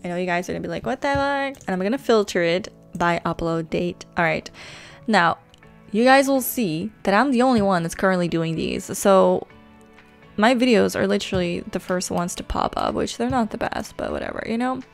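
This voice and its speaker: Female tutorial host, chatty and rambling, slight vocal fry, light music underneath. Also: fairly low pitch, brisk. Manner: chatty, rambling, self-teasing. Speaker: gaming channel host. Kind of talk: casual screen-recorded tutorial. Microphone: desk microphone.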